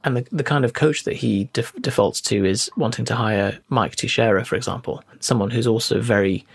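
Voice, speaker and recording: A man co-hosting a fitness podcast, explaining coaching ideas in a measured, casual way. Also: medium pitch, gravelly, slightly rough. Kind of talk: casual chat.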